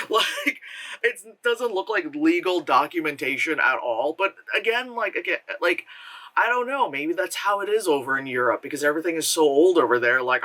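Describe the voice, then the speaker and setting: Man, American accent, in pain, rambling, sarcastic, bright tone, slightly high voice. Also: expressive, unhurried, poor audio. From United States. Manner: rambling, self-interrupting, sarcastic, laughs often. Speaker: movie reviewer. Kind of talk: casual rambling review.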